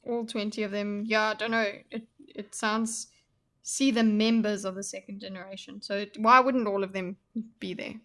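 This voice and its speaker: A woman's voice: mid-range voice, level tone, normal speed, sharp tone. A woman co-hosting a podcast readthrough, chatting casually about the story and laughing easily. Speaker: co-host of a book readthrough. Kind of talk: casual chat.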